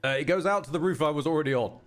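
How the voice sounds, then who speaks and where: A man streaming a video game, chatting casually with wry jokes and quick asides. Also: on the high side, soft background music. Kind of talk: casual gameplay chat.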